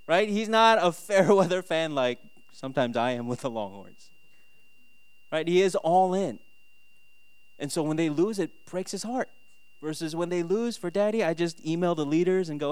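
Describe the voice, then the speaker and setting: Lively man preaching a story-filled sermon. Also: fairly high pitch, normal speed, smooth, no echo. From Minnesota. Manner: animated storytelling, acts out his sons' voices, rhetorical questions. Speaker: pastor.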